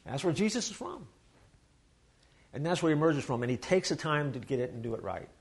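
A man with a fairly high voice delivers a casual, animated sermon, full of quick asides and little acted-out quotes. His talk drifts between loud bursts and soft, slower stretches. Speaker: pastor.

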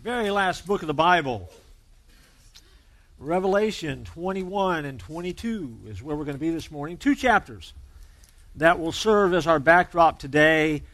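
A man's voice: fairly high pitch, lively intonation, moderate pace, fairly bright tone, dry recording. A man preaching a sermon as pastor, conversational and joking as he tells a story.

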